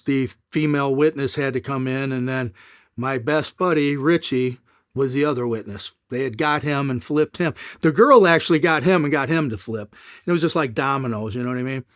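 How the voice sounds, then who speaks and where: A middle-aged man telling a long story as an interview guest, in a casual, animated way, acting out the people in it. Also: fairly high pitch, clean tone, no echo, clean studio sound.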